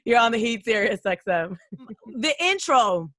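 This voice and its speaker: A woman radio host leading a casual interview, expressive and quick to laugh as she responds to her guest. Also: a little high, no echo, studio quality.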